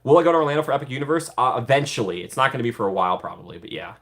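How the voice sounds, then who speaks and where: A man's voice: mid-range voice, lively intonation, racing, a bit bright. Chatty upbeat young man hosting a livestream. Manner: chatty, upbeat, laughs often, rambling with fillers. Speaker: livestream host. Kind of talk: casual livestream chat with viewers.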